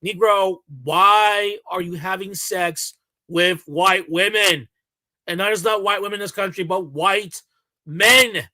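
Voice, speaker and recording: A man's voice: sits high, fairly even intonation, takes it slowly, sharp tone. A man hosting a reaction channel, delivering heated, mocking commentary with lots of repetition.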